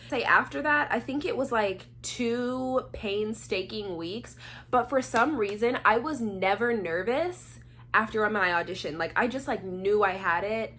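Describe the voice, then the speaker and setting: This young woman from Atlanta, Georgia tells a story in a casual, chatty vlog, animated and acting out the voices of the people in it. Her voice sits on the high side and she speaks unhurriedly, with slight background noise.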